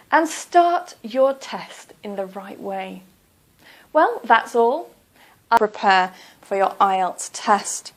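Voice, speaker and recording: Slow, careful woman teaching English. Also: on the high side. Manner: slow, careful, clearly enunciated. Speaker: English test tutor. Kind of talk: slow scripted instruction.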